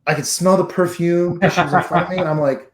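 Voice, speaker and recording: A man co-hosting a casual podcast, telling stories in a relaxed, slang-filled way. His voice sits a little high. The room around him rings with echo. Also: fast. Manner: laid-back storytelling with slang. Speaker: podcast co-host. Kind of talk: casual chat.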